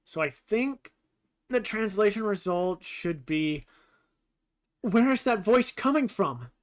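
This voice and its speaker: Lively, chatty game streamer. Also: medium pitch, slow. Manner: chatty, thinks aloud with fillers and swearing. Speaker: streamer comparing game translations. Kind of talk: casual commentary over gameplay.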